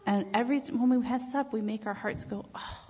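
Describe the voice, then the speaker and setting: A woman leading a children's time in church, asking the children questions and telling them a story in a gentle way. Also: a little high, quick pace, slightly rough. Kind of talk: children's sermon. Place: church sanctuary. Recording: echoey church hall, dull lo-fi sound.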